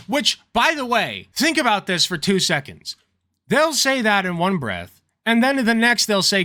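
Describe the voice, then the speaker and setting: An excitable, sarcastic man reacting to a video in casual commentary. His voice is bright and sharp and swings widely in pitch. The sound is dry and close. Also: moderate pace, no echo. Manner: excitable and sarcastic, with sudden outbursts.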